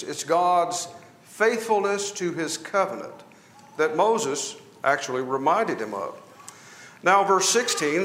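A man's voice: a little high, lively intonation, unhurried, fairly bright tone, roomy sound. A man teaching a Bible class, reading verses aloud and asking the class questions that he then answers himself. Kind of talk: Bible study lesson, reading scripture aloud.

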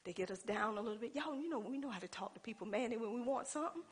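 A woman's voice: on the high side, expressive, quick pace. A woman pastor preaching a sermon in a colloquial style. She calls out to the congregation and acts out little scenes from her own life.

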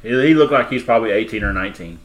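A middle-aged man on a podcast, chatting casually and telling animated stories, acting out quotes and laughing often. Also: on the low side, racing. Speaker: podcast co-host. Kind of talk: casual chat.

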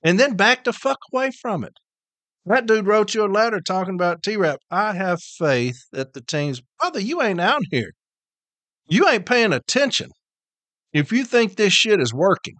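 A man's voice: sits high, pushed and bright, dry recording. A middle-aged man, hosting a podcast and launching into an angry, profane, repetitive rant. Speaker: podcast host.

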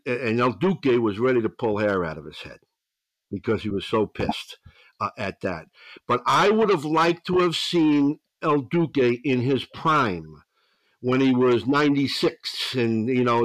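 A man, a veteran pitching coach, telling rambling stories as a podcast guest, with frequent restarts and 'you know's. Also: fairly bright tone, no room sound, low-quality recording. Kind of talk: storytelling podcast interview.

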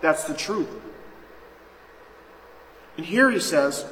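A man's voice: fairly high pitch, lively intonation, a little slow, long pauses, fairly bright tone. A man preaching a sermon as pastor, emphatic and calling out to his congregation. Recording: echoey hall, faint noise.

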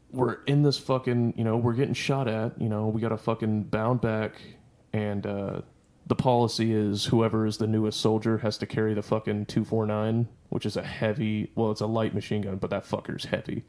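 A man's voice: on the low side, a little mellow. A man telling a heated army story on a podcast, swearing constantly and ranting. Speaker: podcast guest. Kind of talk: casual storytelling.

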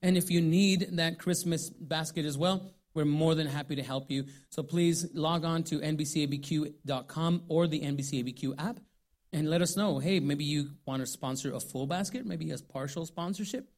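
A pastor giving lively, upbeat church announcements and hyping the congregation. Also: male voice, on the high side, moderate pace.

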